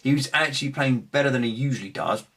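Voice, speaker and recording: A young man casually recapping his card game tournament, animated, acting out his opponents' remarks. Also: mid-range voice, quick pace, slightly rough. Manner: animated storytelling, acts out opponents' lines.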